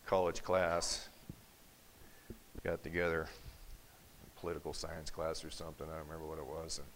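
Male pastor, deep bass register, sermon with anecdotes, light tape hiss. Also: flat delivery, moderate pace, poor audio. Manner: storytelling with acted quotes, rising to forceful emphasis. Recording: faint hiss.

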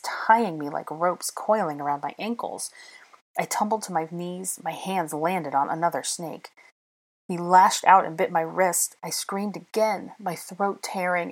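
Woman narrator, audiobook, low voice, breathy, tense dramatic telling. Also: poor audio. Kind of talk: first-person audiobook narration.

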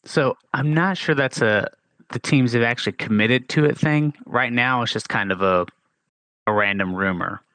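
A man's voice: mid-range voice, normal speed, a bit bright, dry recording. A man co-hosting a sports podcast, making his case in a casual, argumentative way. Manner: argumentative, rising to emphatic. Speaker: podcast co-host.

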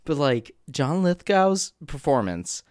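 A man co-hosting a podcast, excitable and casual, swearing freely while discussing a movie. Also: on the high side, slow, clear, resonant tone, dry recording, clean studio sound. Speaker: podcast co-host. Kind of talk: casual film chat.

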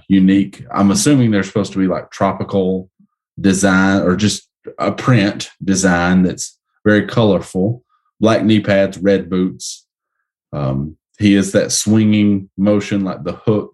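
Low-voiced man reviewing toys casually. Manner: relaxed, descriptive, hesitant with ums. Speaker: podcast host. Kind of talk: casual review of action figures.

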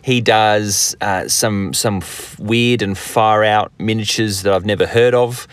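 A man's voice: fairly low pitch, fairly even intonation, unhurried, clear, resonant tone, no room sound. An Australian man hosting a hobby podcast, rambling and joking in a casual, self-deprecating way. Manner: rambling, jokey, self-deprecating, many fillers and restarts. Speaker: podcast host.

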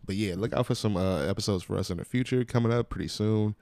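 Young male podcast host, lower voice, loose and profane, recorded dry. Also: quick pace, a little mellow, no room sound. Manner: laid-back, profane storytelling with acted-out quotes. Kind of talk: casual chat.

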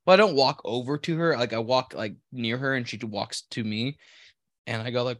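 A man's voice: medium pitch, a little fast, fairly bright tone, no echo. A man in a mid-range voice winding through a long anecdote, swearing freely and poking fun at himself. His voice is close and dry on a podcast microphone, and he talks with loose, easy pacing. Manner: rambling storyteller, profane and self-deprecating. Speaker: podcast co-host. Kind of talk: casual chat.

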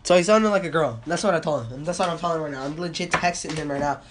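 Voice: mid-range voice, racing, noisy background. Young rambling podcast ranter on a phone. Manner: excitable, profane, storytelling with quotes. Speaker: podcast host. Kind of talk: rambling casual rant. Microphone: phone without a mic.

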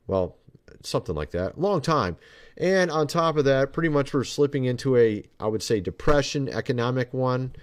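Brief: male podcast host, casual rambling commentary, heavy sarcasm, mid-range pitch. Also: animated, normal speed.

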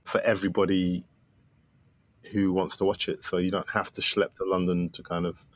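Deep-voiced man gushing about his film. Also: level tone, moderate pace, lo-fi sound. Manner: enthusiastic, rambling with many fillers. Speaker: filmmaker guest. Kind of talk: casual podcast interview.

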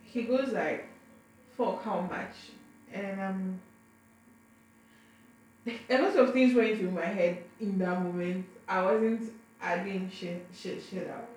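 Speaking slowly in a mid-range, slightly mellow voice, a young adult woman vlogger shares a personal story to camera. She's casual and frank, frequently stumbling and repeating herself, and the recording has heavy room echo plus faint background noise.

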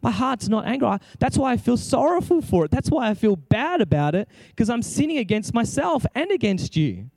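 A man's voice: very high-pitched, very animated, moderate pace, hardly any pauses, mellow, no room sound. A man preaching an impassioned sermon, exclaiming and acting out prayers as he speaks.

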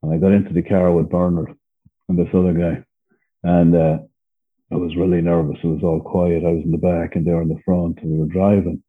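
A man's voice: sits low, level tone, fairly quick, husky. An Irish man, a podcast guest, telling his story in a blunt, profane, candid way and laughing as he goes. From Ireland. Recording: phone-like narrow sound.

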